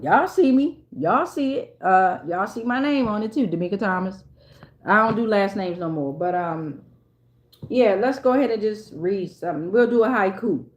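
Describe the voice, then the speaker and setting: A woman's voice: medium pitch, animated, normal speed, reverberant. A woman giving a casual tarot reading to a phone camera, slangy and emphatic, often repeating herself. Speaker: tarot reader.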